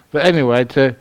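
Meditation teacher, London-born man: slow, warm-humored storyteller, mid-pitched. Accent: London English. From London, England. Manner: humorous storytelling, chuckles at his own jokes. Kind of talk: retreat dharma talk.

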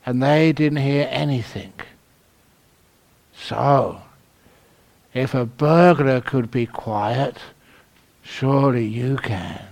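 A man's voice: medium pitch, takes it slowly, creaky, pauses often, a little mellow. A man with a London accent giving a humorous dharma talk to a retreat, telling stories and chuckling at his own jokes. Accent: London English. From London, England. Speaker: meditation teacher.

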